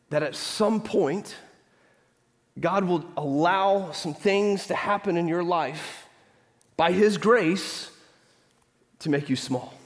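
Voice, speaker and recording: A man preaching a sermon in a church sanctuary, emphatic and quizzing the congregation with call-and-response questions. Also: fairly high pitch. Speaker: pastor. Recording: echoey hall reverb.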